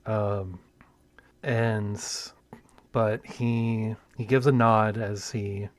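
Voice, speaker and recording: A man narrating as game master of a tabletop role-playing game, with many pauses and restarts. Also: lowish voice, steady tone, no echo.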